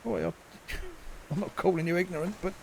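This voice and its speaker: A man's voice: high-pitched, fairly even intonation, normal speed, gravelly, darkish tone, a little hiss or hum. A man chatting and muttering to himself as he plays a survival game, with mild swearing and asides to viewers. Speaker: gaming channel host.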